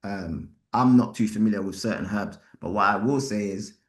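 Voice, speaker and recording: Guy hosting a podcast, kinda low voice, blunt and slangy, echoey room. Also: moderate pace. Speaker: podcast host. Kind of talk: live podcast commentary. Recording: roomy echo.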